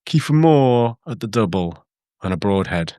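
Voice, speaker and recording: A man's voice: fairly low pitch, animated, normal speed, warm tone, no room sound. A man co-hosting a casual football podcast, rambling and hesitant with many restarts. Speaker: podcast co-host. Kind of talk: casual chat.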